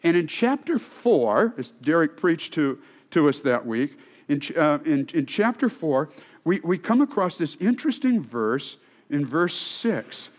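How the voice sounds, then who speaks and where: Man, pastor, sermon, chatty storytelling, fairly high voice, frequent restarts. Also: sing-song, a little slow.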